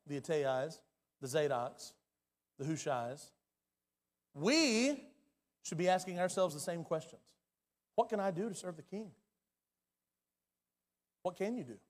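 A man preaching a sermon as pastor, his delivery swinging from loud and urgent to hushed and quiet. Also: sits high. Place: church sanctuary. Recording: long hall reverb.

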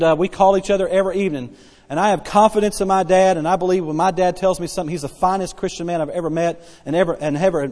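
A man in his forties preaching a sermon, repeating key phrases and drawing out Bible verses slowly. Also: high-pitched, a little mellow, long reverb tail. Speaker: pastor.

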